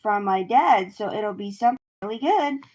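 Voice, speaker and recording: A woman voicing an excited young boy in a picture book read aloud. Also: mid-range voice, normal speed, lightly acted.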